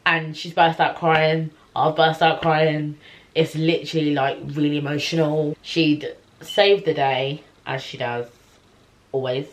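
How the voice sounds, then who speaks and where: A young woman recounting her story straight to camera, her voice sitting low for a woman. She talks in a loose, animated way, full of slang, "like"s and fillers. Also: unhurried. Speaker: vlogger.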